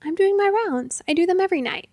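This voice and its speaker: A woman's voice: extremely high pitch, lively intonation, quick pace, a little mellow, no echo, clean studio sound, pitched above the performer's own voice. A woman voicing an earnest, tired young man who looks after a hotel, a bit defensive when pushed.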